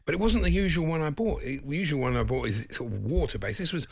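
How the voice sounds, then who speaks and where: A man's voice: fairly high pitch, lively intonation, fast talker, vocal fry. A man co-hosting a radio talk show, giggling often and telling self-mocking stories in casual chat.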